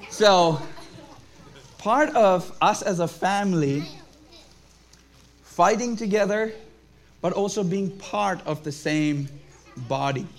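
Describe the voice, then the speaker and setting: A man leading a family church service, preaching to children and adults in an upbeat way and asking them questions. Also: high-pitched.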